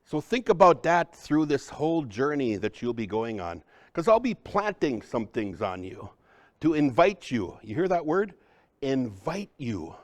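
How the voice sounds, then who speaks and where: Baritone male presenter, live workshop, chatty and engaging with the crowd. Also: big pitch swings, normal speed. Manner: conversational, often checks in with the audience. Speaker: cultural trainer presenting to a group. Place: room with a live audience.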